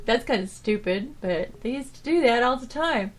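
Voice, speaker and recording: Rambling, animated woman telling work stories. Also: fairly high pitch, normal speed. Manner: rambling, with many restarts and "you know"s; animated, swinging from loud to soft. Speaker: podcast host. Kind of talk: casual storytelling monologue.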